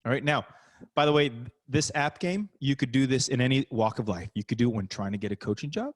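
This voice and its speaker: A middle-aged man, a basketball coach, giving an energetic, punchy motivational talk over a video call. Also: medium pitch, a little fast.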